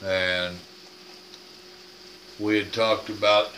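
A man's voice: on the low side, level tone, drawn-out words, bright, forceful tone, a little hiss or hum. An older man hosting a home cooking vlog, chatting in a rambling, folksy, plain-spoken way. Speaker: cooking channel host. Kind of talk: casual cooking vlog chat. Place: home kitchen. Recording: roomy kitchen sound, camera off at a distance.

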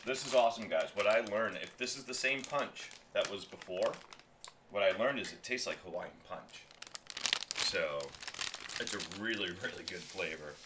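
A man's voice: on the low side, noisy background. A man casually reviewing food on a stream, rambling and chatty, often talking while he chews.

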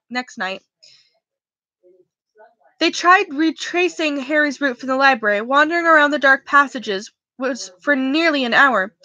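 A woman's voice: high-pitched, pushed and bright, no echo, poor audio. A woman reading a novel aloud in a casual way, with small slips and restarts. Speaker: reader.

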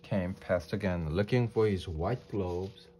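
A man reading a storybook aloud for English learners in a calm, measured way, with small restarts. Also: low voice, a little hiss or hum.

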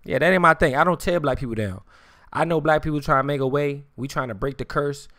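A man's voice: fairly high pitch, fast, fairly bright tone, dry recording, clean studio sound. A man ranting on a live stream in casual street slang, swearing often and repeating "you hear me". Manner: repetitive, keeps saying "you hear me", swears freely; slang-heavy street talk.

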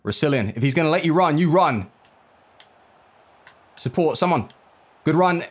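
A young man giving live commentary on his own football video game match, reacting out loud to every play. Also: on the high side, animated, moderate pace, husky. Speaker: gaming YouTuber.

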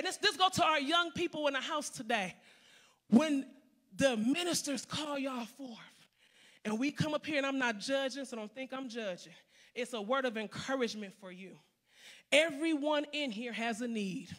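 A woman preacher delivers a sermon with a bright, forceful voice, hammering phrases again and again. Her delivery builds from conversational asides into loud, emphatic calls. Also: high voice, animated, normal speed.

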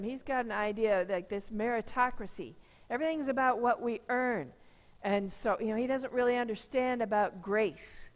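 Woman pastor preaching in a reverberant church. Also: on the high side. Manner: conversational preaching, acts out quoted voices. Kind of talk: sermon. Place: church sanctuary. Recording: long reverb of a church sanctuary.

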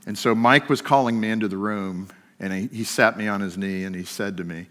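A middle-aged man telling a personal story during a sermon, shifting between lively and hushed. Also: fairly low pitch, a little fast, hardly any pauses. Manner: storytelling, swings from animated to hushed. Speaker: guest speaker. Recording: long hall reverb.

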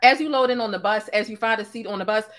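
Hosting a relaxed commentary stream, a woman speaks quickly in a medium-pitched, slightly bright voice. Her address to viewers is slangy and forceful.

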